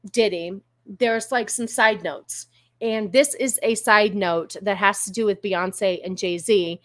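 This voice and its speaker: A woman from California hosting a casual livestream, chatting with viewers in a sassy, laughing way and slipping into a valley girl voice. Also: mid-range voice. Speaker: livestream host. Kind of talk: casual chat with live chat viewers.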